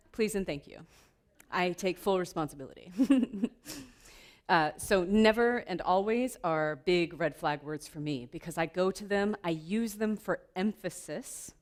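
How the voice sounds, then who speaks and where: A woman giving a playful, lively keynote talk at a conference, laughing often with the audience. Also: fairly low pitch. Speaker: keynote speaker. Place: conference room.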